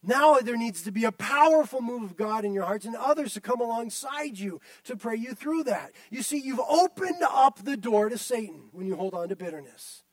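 A man's voice: very high voice, expressive, moderate pace, few pauses, no room sound. A male pastor delivering a sermon, emphatic and repetitive, often turning to the listeners directly.

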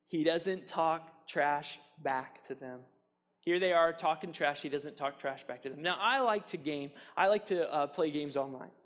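A man preaching a sermon, animated and chatty, acting out taunts with fillers and restarts. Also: a little high, a little slow, in a large hall. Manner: animated, mocks enemies' taunts in a raised voice. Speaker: pastor.

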